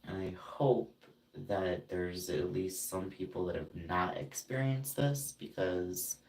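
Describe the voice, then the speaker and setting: A man venting about friends who hurt him, indignant and halting, with frequent fillers and restarts. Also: low-pitched, darkish tone. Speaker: vlogger. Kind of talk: emotional personal vent. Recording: roomy, distant from the mic.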